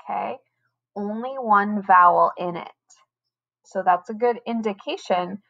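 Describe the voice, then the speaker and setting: Slow, patient first grade teacher woman. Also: mid-range voice, creaky, lo-fi sound. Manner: slow, patient, over-enunciated teacher talk. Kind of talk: recorded online lesson for children.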